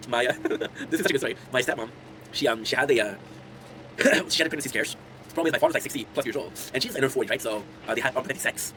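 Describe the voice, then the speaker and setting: A man's voice: mid-range voice, fairly bright tone, a little hiss or hum, low-quality recording. A man in his twenties, a content creator, chatting casually to his viewers and telling rambling stories, laughing often. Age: 20s. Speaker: content creator streaming to chat.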